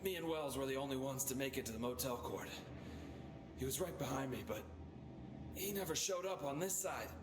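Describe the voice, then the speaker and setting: Game role: a man as a stubborn wounded agent, gruff and wry, echoey audio. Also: medium pitch, expressive, a little fast, background noise, natural voice.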